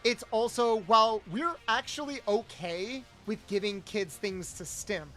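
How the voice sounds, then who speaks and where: A man's voice: high-pitched, unhurried, sharp tone, soft background music. A young man, a streamer host, chatting casually and acting out the people he quotes in his stories. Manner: rambling storyteller, acts out quotes. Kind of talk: casual chat while gaming.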